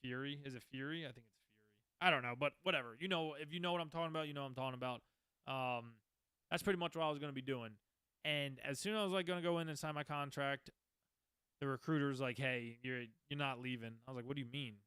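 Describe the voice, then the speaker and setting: A man's voice: medium pitch, quick pace, bright, forceful tone, clear, resonant tone, no echo. A man in his twenties hosting a podcast, telling his own story in a rambling, candid, profane way. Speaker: podcast host. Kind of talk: casual storytelling.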